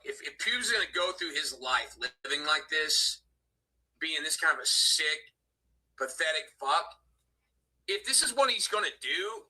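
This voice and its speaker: Male stream host, high and piercingly bright voice, aggrieved profane rant. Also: poor audio. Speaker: livestream host. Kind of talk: heated casual livestream rant.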